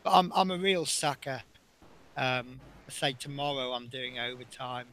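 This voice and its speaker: A man's voice: medium pitch, fairly even intonation, normal speed, fairly bright tone. A middle-aged man, a bus driver, chatting casually and telling rambling work stories with frequent chuckles while building a model. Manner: rambling and anecdotal, chuckling often.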